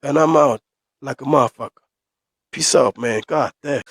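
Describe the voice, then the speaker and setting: A young South African man holds forth on his own podcast, ranting and swearing through his opinions and breaking into loud outbursts. His voice sits mid-range for a man, and the recording is close and dry, with no room sound. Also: mid-range voice, normal speed, no room sound. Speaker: podcast host.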